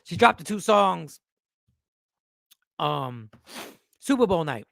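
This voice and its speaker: High, gravelly man riffing casually. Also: slow, long pauses, dry recording, clean studio sound. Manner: animated, joking, swearing, reads chat comments aloud. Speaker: host. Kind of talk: casual comedic commentary.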